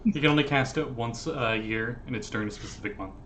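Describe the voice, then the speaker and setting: A woman's voice: extremely low pitch, fast, a bit bright, a little hiss or hum. A woman joking with friends as a player in a tabletop role-playing game. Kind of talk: casual chat around a tabletop game.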